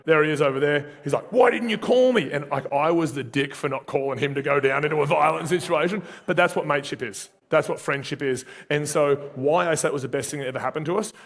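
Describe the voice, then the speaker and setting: A man with an Australian accent, giving an energetic, conversational motivational talk to a live audience and telling stories with asides to the crowd. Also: mid-range voice. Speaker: speaker at a live career event. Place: event venue, live audience. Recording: reverberant event hall.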